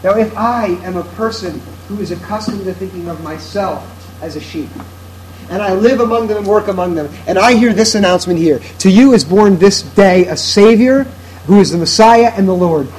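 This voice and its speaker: A man with a notably high voice preaches a sermon, earnest and emphatic, building each point through repetition. A faint hiss of noise sits under the recording. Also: normal speed, a little mellow, poor audio. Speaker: pastor.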